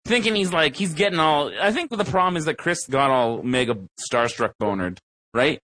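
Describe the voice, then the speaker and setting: A man's voice: lively intonation, moderate pace, bright, forceful tone, no room sound. A man on a podcast, rambling and swearing through casual stories with a lot of swing in his voice. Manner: profane, rambling storytelling with big pitch swings. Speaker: podcast co-host.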